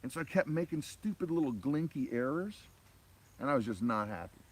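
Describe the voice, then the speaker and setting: A man's voice: medium pitch, lively intonation, brisk, darkish tone, slightly rough. A man co-hosting a casual family live stream, chatting with viewers in a jokey, upbeat way. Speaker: livestream co-host. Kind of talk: casual livestream chat. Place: outdoors by a lake.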